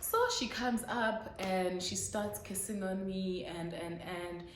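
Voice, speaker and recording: A woman's voice: medium pitch, fairly even intonation, takes it slowly, a little hiss or hum. A young woman vlogger telling a story frankly and dramatically. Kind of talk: storytime vlog. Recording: echoey room.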